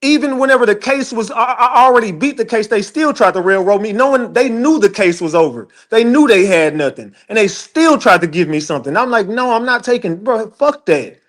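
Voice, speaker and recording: A livestream commentator with a high-pitched voice rants quickly with lively intonation and few pauses. He speaks right to his chat, cursing and stressing his points hard.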